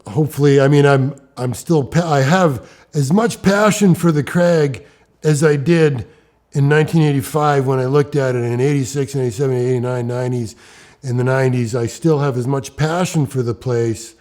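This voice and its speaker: Brief: middle-aged man, mellow dark voice, animated storyteller who restarts his sentences. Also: mid-range voice, normal speed. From Ontario, Canada. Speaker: rock climber interviewee.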